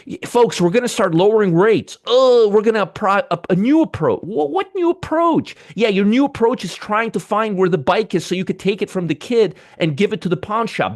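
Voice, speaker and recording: Sarcastic, ranting male market host. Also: high voice. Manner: mutters over charts. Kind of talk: live trading commentary.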